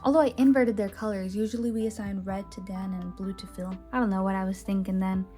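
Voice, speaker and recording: Mellow-voiced woman chatting about her sketches. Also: medium pitch, fairly even intonation, fast talker. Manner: chatty, rambling, lots of "like" and restarts. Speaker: artist showing her sketchbook. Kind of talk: casual voice-over commentary. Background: faint background music.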